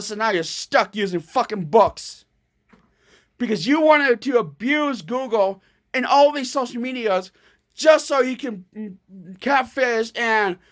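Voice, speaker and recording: A woman ranting angrily to camera in a vlog, swearing often and stumbling over restarts. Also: on the high side. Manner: angry, profane, halting with restarts. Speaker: vlogger.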